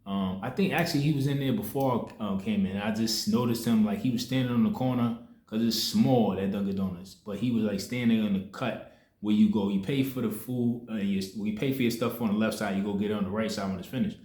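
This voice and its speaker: Low-voiced man storytelling in an echoey room. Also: fairly quick, a little mellow. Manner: loose street slang, rambling retelling with many restarts. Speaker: spiritual content creator. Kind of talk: casual spoken storytelling.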